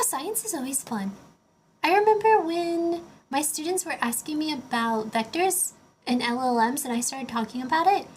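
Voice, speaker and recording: A young woman chats away on a casual livestream in a high voice. She rambles and fills her sentences with loose filler words while building Lego between answers to chat. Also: slight background noise. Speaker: streamer.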